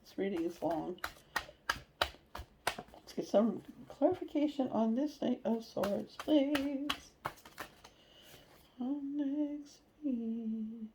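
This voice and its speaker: Woman tarot reader, warm mellow voice, casual and blunt, faint hiss behind her. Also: on the high side, very slow, long pauses, low-quality recording. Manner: chatty and animated, acts out inner voices; blunt, swears now and then.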